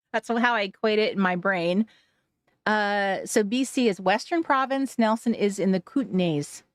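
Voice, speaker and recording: A woman's voice: medium pitch, measured pace, dry recording. Woman livestream host, chatty, laughs a lot, from washington state, dry close-miked sound. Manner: chatty, laughs often, trails off and restarts. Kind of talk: casual livestream chat reading viewer comments.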